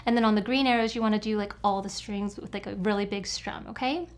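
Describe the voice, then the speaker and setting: A woman's voice: medium pitch, fairly even intonation, quick pace. A woman teaching a beginner guitar lesson step by step, counting the beats aloud as she strums. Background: acoustic guitar playing.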